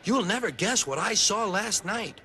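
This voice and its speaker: A man doing a squeaky, jumpy little tank engine. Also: normal speed, background noise. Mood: eager. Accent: American. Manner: high, excitable and squeaky. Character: small cheeky young male tank engine, easily scared. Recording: music playing behind the voice.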